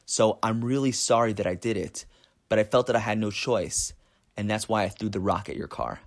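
A man's voice: on the low side, normal speed, natural voice. A man voicing a frightened, apologetic twelve-year-old boy in a story. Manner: pleading, apologetic.

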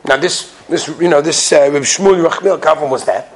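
A man's voice: fairly high pitch, moderate pace, hardly any pauses, slight background noise. A man who is a rabbi, telling stories in a sermon. He acts out the people in his stories and repeats phrases for emphasis. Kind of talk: storytelling sermon.

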